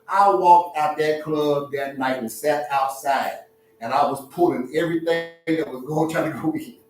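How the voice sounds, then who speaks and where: High-voiced man preaching blunt advice. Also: moderate pace, heavy reverb, recorded from a distance, faint music behind, rough recording. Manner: preachy, animated, streetwise, laughs at his own points. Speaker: relationship talk host. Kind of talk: blunt live advice talk to an audience.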